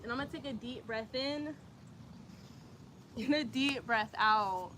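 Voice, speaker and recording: Young female yoga instructor, bright high voice, casual and slangy while cueing breaths outdoors. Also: a little slow, slight background noise. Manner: chatty, slangy asides to viewers. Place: outdoors in light rain.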